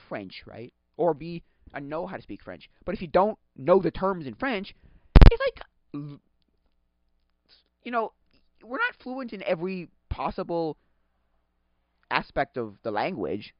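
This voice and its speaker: A man's voice: a little high, big pitch swings, measured pace, long pauses, no room sound. A young man from Quebec chatting casually as a podcast host, rambling and correcting himself, with bursts of exasperated ranting. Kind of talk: casual chat. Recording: dull lo-fi sound.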